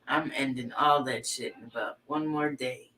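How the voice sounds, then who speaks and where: A man co-hosting a casual livestream chat, making measured, dry remarks. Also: mid-range voice, fairly even intonation, sharp tone.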